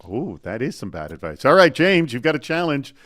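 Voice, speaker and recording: A man hosting a live online talk show, chatty and energetic as he runs through announcements and introduces guests. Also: mid-range voice, a little fast, dry recording.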